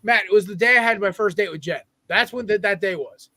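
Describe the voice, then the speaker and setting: A young man co-hosting a sports podcast, telling animated stories in casual banter. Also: high voice, brisk, no echo. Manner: animated storyteller. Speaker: podcast co-host.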